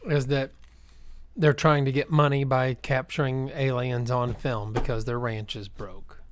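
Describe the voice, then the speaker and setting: Mid-pitched man with dry short quips. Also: steady tone, a little slow, background noise. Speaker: podcast co-host. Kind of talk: casual movie talk.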